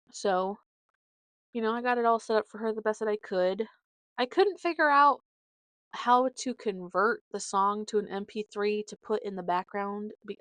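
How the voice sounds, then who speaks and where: A young adult woman hosts her own podcast, chatting casually and telling stories in a rambling way packed with fillers. Her medium-pitched voice is a bit bright, and the recording has no room sound.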